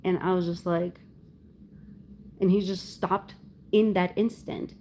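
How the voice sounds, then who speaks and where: A woman's voice: lowish voice, steady tone, takes it slowly, mellow, slight background noise. A young adult woman hosting a casual live chat, telling a long personal story in a loose, rambling way full of "like" fillers. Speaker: livestream host talking with viewers.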